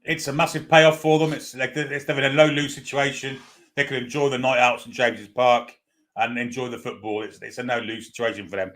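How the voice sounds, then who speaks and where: A man's voice: medium pitch, flat delivery, brisk, fairly bright tone. A man co-hosting a live football fan stream, chatting casually and restarting his phrases. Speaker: co-host.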